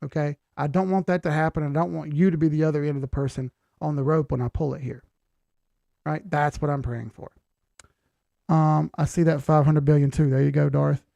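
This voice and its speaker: A man with a slightly high, gravelly voice and a mellow, dark tone, hosting a casual livestream. He talks in a loose, laid-back way full of fillers and answers viewer chat. The sound is close and dry, with no room around it. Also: no room sound, muffled recording. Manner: laid-back, chatty, many fillers, reads out chat questions.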